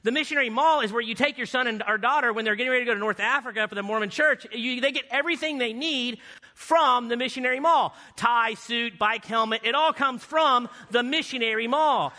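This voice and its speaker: A man with a high, bright, forceful voice tells a story from a church pulpit. His delivery is lively and anecdotal, full of playful asides, and his words ring out with the long reverb of a large church hall. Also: fairly quick. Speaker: guest speaker. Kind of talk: storytelling sermon. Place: church sanctuary.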